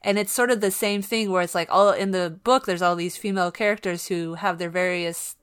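A young woman co-hosting a casual podcast book discussion, chatty and animated, often restarting sentences and acting out quotes. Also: fairly low pitch, brisk, smooth. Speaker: podcast co-host.

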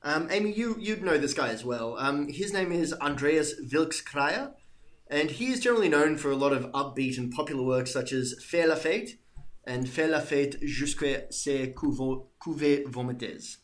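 A man's voice: on the high side, expressive, normal speed. A man running a tabletop game as game master, narrating with frequent restarts and repeated words. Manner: hesitant, repeating words, self-deprecating.

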